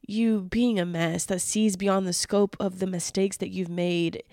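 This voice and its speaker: A woman's voice: medium pitch, steady tone, a little slow, warm tone, no room sound, studio quality. A woman, hosting a solo podcast and speaking earnestly and emotionally, with lots of fillers and restarts. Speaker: podcast host.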